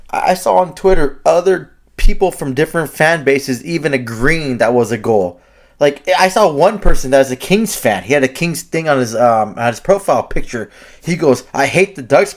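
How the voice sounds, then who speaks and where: A man on a sports podcast, firing off excited, profane complaints and tripping over his words. His voice is at a middle pitch. He rambles and restarts as he gets worked up. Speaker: podcast co-host. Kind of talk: heated sports talk.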